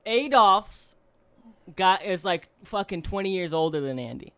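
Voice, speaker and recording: A young man co-hosts a loose, profane podcast chat, full of fillers and quick laughs. His voice sits a little high and comes through smooth and crisp. The sound is close and dry, with no room around it. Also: no room sound. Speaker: podcast co-host. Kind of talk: casual chat.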